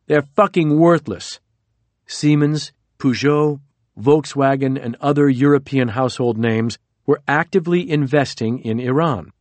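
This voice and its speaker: A man's voice: mid-range voice, normal speed, a little mellow, no room sound. Man narrating in a dry close voice. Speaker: audiobook narrator. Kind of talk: scripted narration.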